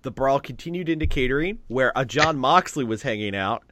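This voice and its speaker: A man co-hosting a podcast in casual chat, talking with excitement and swearing freely. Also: medium pitch, a little fast, no echo. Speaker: podcast co-host.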